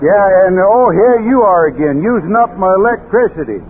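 A man doing gruff, bantering patter as a father in a 1940s radio comedy sketch, breaking into song now and then. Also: sits high, expressive, moderate pace, a loud crowd, very noisy. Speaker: comic playing a father. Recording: tinny old radio broadcast with music.

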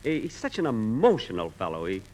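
A man's voice: lowish voice, huge pitch swings, brisk, very noisy. Exasperated man in radio comedy. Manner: exasperated, vain, fussy. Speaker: comedian host.

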